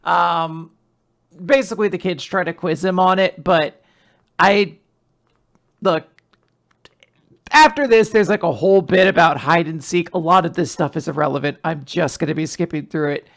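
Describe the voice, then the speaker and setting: A podcast host casually recapping manga chapters, rambling and animated, with frequent asides. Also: mid-range voice, normal speed, gravelly, pauses often. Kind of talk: casual chat.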